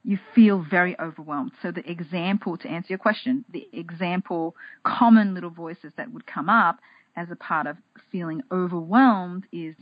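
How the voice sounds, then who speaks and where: A woman's voice: lowish voice, moderate pace, dry recording, lo-fi sound. A woman guest on a podcast, talking casually and animatedly, acting out her inner voices, often restarting and repeating words. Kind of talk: casual interview talk.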